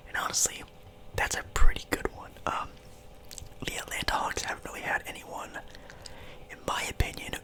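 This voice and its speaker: A man's voice: bright, forceful tone, poor audio. A young man whispering a casual ASMR sports ramble as host, chewing gum as he talks.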